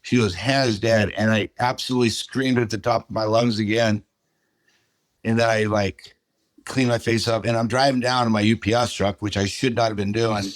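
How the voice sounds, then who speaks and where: Man, middle-aged, deep-ish voice, plainspoken, casual, dry sound, personal testimony. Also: steady tone, moderate pace, no echo. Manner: plainspoken, casual, retells dialogue. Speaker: podcast guest.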